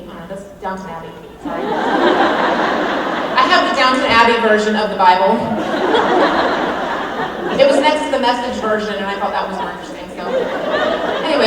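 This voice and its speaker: As the featured speaker at a women's event, a woman with a fairly high voice gives a chatty, funny devotional talk full of self-mocking asides. She is recorded from far off in an echoey large hall, and the audio is very noisy.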